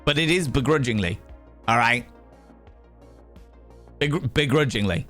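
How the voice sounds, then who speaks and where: A man's voice: mid-range voice, a little slow, bright, forceful tone, soft background music. A man hosting a livestream, chatting casually with viewers in a playful, theatrical way with mock outrage. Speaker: livestream host.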